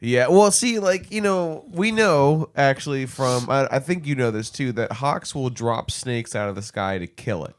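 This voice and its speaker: A man's voice: mid-range voice, animated, normal speed, hardly any pauses. A man co-hosting a podcast, bantering with profane jokes and frequent laughter. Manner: laughing, profane banter with silly character voices. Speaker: podcast co-host. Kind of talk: casual comedic chat.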